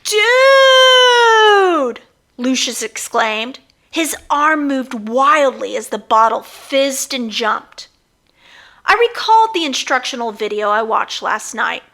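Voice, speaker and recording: A woman's voice: a little high, measured pace. A woman narrating her own children's book as an audiobook, reading expressively. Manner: expressive storytelling.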